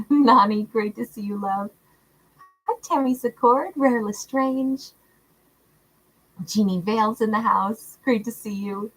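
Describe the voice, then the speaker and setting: A woman's voice: a little high, slow pace, long pauses, low-quality recording. Woman host chatting to her stream chat, sweet and affectionate, laughs a lot. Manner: warm, affectionate, calls viewers love and honey; laughs often. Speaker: tarot livestream host. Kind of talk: casual livestream chat reading out viewer comments.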